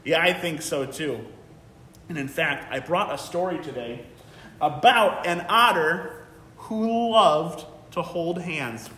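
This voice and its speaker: A man's voice: fairly high pitch, slow, echoey room. A man working as a museum educator, reading a picture book aloud to young children in an encouraging way. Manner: warm, encouraging, talks to young kids. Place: museum program room.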